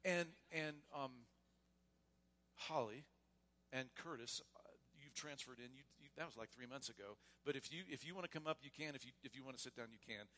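A man serving as pastor, leading a church membership service in a loose, casual way and then reading vows and creed in a measured voice. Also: medium pitch. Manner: casual and warm, with frequent restarts; reads liturgy aloud in a measured voice. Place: church sanctuary.

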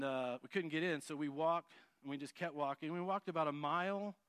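A man telling a personal testimony story, acting out quoted lines and dropping low for asides. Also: clear, resonant tone, no room sound. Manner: lively narration, acts out quotes, drops to a low murmur for asides.

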